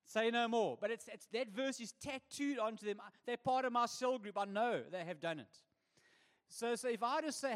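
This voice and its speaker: A man's voice: very high voice, normal speed. A man with a South African accent, preaching a sermon in a conversational, humorous way. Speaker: pastor.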